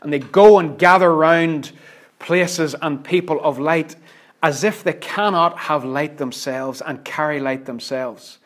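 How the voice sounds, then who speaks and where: A man's voice: on the high side, unhurried, a bit bright. A man preaching a sermon, earnest and emphatic, sometimes dropping almost to a whisper. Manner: earnest, emphatic, with dramatic drops to near-whisper.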